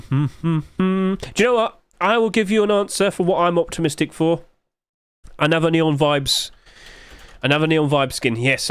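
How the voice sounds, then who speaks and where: A man's voice: a little high, fairly bright tone, no echo. A man, musing aloud in casual livestream commentary and asking himself rhetorical questions. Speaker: streamer.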